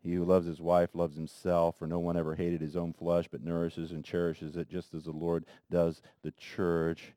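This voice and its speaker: A man preaching a sermon in a conversational way, talking straight to the men in the room and swinging between soft asides and loud emphasis. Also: low voice, completely flat delivery, moderate pace, hardly any pauses, clear, resonant tone, dry recording, studio quality. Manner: conversational, addresses men in the congregation directly. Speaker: pastor.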